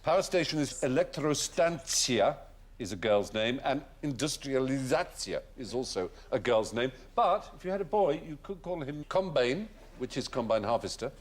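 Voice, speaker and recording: A man's voice: mid-range voice, moderate pace. A middle-aged man hosting a quiz panel show and explaining odd facts with learned relish. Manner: erudite, lively explainer.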